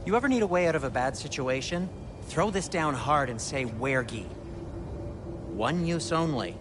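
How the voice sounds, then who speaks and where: A man voicing a fussy, helpful dwarf craftsman in a fan voice dub, brisk and instructive. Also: fairly high pitch, sing-song, background noise.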